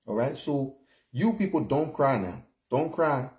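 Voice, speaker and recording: A man's voice: mid-range voice, animated, unhurried, darkish tone. A man in his fifties from Liberia, with a Liberian English accent, giving casual opinion commentary in a blunt, chatty way that keeps checking in with "all right?" and "you know?". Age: 50s. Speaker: vlogger.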